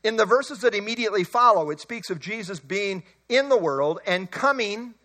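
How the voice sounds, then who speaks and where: Guy preaching a bible sermon, high bright voice, leans hard on key words. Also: expressive. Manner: emphatic, rises and slows on key words. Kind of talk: expository sermon.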